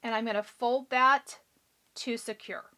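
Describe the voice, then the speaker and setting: A woman hosting a live craft tutorial, chatty and encouraging, talking through each step and answering viewers' comments, her voice a little hoarse. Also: fairly high pitch, steady tone, unhurried, pushed and bright. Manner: chatty, encouraging, thinks aloud while working. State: a bit hoarse. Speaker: craft show host.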